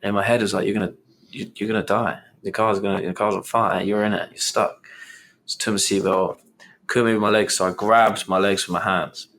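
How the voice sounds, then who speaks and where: A young man with a very low voice tells a long personal story on a podcast. He talks casually, rambling and restarting sentences as he goes. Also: level tone, fairly quick, a bit bright, slight background noise. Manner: rambling, restarts and retells with quoted inner thoughts. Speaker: podcast host.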